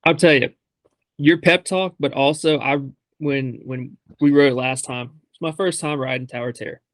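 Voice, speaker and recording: An easygoing man co-hosting a podcast, chuckling as he tells a short story. His voice is medium in pitch, dry and close to the mic. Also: normal speed, a bit bright, no echo. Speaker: podcast co-host. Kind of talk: casual chat.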